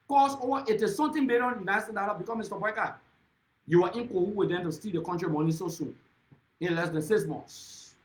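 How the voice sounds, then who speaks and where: A man's voice: high voice, fairly bright tone, echoey room, rough recording. A man with a Liberian accent giving an impassioned, accusatory political speech, repeatedly addressing his target by name. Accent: Liberian English. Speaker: political speaker.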